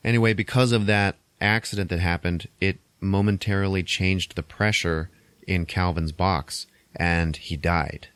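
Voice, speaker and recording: Man, very low voice, casual podcast plot recap, wry and loose, dry sound. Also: fairly even intonation, fairly bright tone, smooth, dry recording. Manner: loose storytelling with swearing and quick mock voices. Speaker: podcast host recapping a film. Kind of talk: casual chat.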